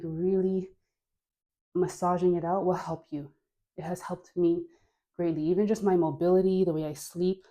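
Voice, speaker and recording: A woman dance instructor calls out steps in a slow, easy cadence while moving, her voice mellow and relaxed. She is encouraging and playful and laughs between cues. Her breath shifts as she dances with a mic on. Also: mid-range voice. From Caribbean. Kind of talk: guided dance class. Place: dancing while talking. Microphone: wearing a mic.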